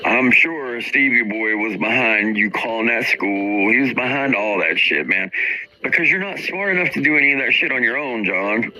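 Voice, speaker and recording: A man's voice: medium pitch, lively intonation, normal speed, sharp tone, rough recording. A man hosting a stream, ranting with mocking, profane commentary about other people. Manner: combative, mocking, swears constantly. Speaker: streamer host.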